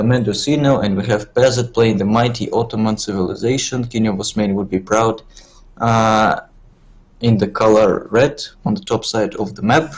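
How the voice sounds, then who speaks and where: A man with a lowish voice casts a strategy game in English, his second language. He rambles and jokes in a loose, slightly mumbled way while keys clack in the background. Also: darkish tone, low-quality recording. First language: not English. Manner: joking, rambling, mumbled delivery. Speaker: game caster. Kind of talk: casual esports commentary.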